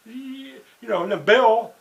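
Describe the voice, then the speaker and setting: A man's voice: very high voice, unhurried, creaky, fairly bright tone, lo-fi sound. A man talking in a rambling, digressive monologue, full of "you know" and "see" and restarts. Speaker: writer and blogger.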